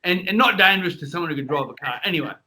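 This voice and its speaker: An Australian man telling a story in a casual chat, animated and acting out the people in his stories. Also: fairly high pitch, very fast, slight background noise. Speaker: guest, former boxer.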